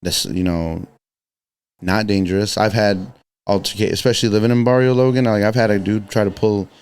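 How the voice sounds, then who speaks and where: A man's voice: lowish voice, fairly even intonation, brisk, a little mellow, clean tone. A man from the south side of Chicago, a podcast guest chatting casually in laid-back street slang. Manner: laid-back street slang, lots of "you know what I'm saying". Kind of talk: casual chat.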